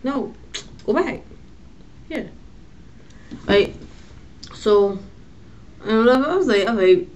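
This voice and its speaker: A young woman telling a story in a casual vlog, slangy and animated, cursing freely. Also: on the high side, slow, long pauses, lo-fi sound, a little hiss or hum.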